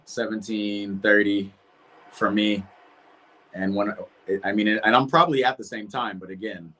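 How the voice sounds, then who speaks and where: A man hosting a live football watch-along from home, reacting loudly to the match and chatting with viewers. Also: on the low side, unhurried, a little hiss or hum. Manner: excitable, shouts at big chances, chatty with chat. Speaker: watch-party streamer.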